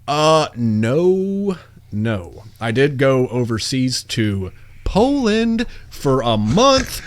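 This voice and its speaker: A young man in casual podcast banter, telling self-mocking jokes in a deadpan way. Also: medium pitch, drawn-out words, no room sound. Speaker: guest.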